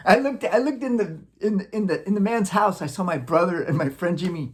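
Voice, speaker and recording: A man from Wisconsin casually telling a childhood story, animated, acting out sounds and chuckling often. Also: high-pitched, moderate pace. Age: adult, looking back on childhood. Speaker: vlogger.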